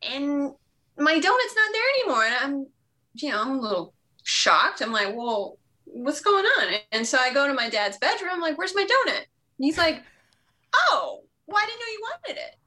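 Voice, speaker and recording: A woman's voice: high-pitched, big pitch swings, normal speed, bright, forceful tone. A woman guest on a podcast, telling a childhood story in plain, matter-of-fact casual chat.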